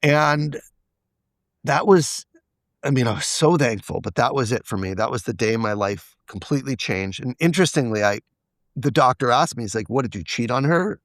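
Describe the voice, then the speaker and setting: A man's voice: mid-range voice, animated, moderate pace, a bit bright, no echo. A man as a podcast guest, candidly telling a personal story and acting out the quoted dialogue. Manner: confessional, acts out quoted dialogue.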